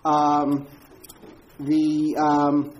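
A woman's voice: deep voice, monotone, very slow, a little mellow, rough recording. A woman giving an informal talk and answering audience questions, speaking conversationally with repeated words and frequent ums as she tells stories. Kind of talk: informal lecture with Q&A.

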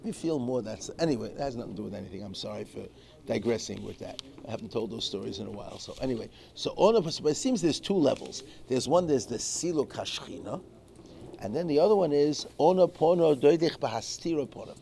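A man's voice: mid-range voice, expressive, fairly quick, mellow. A man giving an informal religious class, telling stories in a digressive way with many restarts and Hebrew and Yiddish terms. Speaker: Torah teacher. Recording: clear background noise.

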